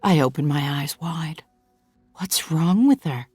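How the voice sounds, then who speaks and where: A woman narrating a novel in the first person in a measured, expressive way. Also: deep voice, husky, dry recording, soft background music. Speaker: audiobook narrator.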